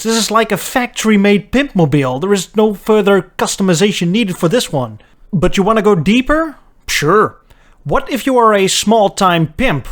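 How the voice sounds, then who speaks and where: A man narrating a car history video in a sarcastic, mocking way. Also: high-pitched. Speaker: car history channel host.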